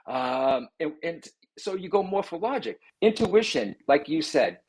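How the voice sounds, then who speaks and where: Man, animated guest talk, slightly high voice, husky tone. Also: unhurried. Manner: animated, acts out inner voices and quotes. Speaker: psychic medium guest. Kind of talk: animated conversational explaining.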